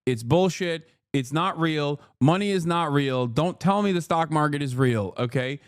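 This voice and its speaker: Man, political streamer, heated profane rants, high voice, dry close sound. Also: unhurried, clean tone, dry recording. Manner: profane, exasperated, mocking mimicry. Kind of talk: heated commentary reacting to news clips.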